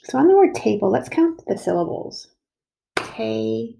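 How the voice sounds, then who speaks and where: A woman talks young children through writing a sentence word by word. She is slow and patient and stretches each sound out. Her tone is mellow, with a bit of gravel at the ends of her phrases. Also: fairly high pitch, very animated. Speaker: teacher. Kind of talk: early reading and writing lesson.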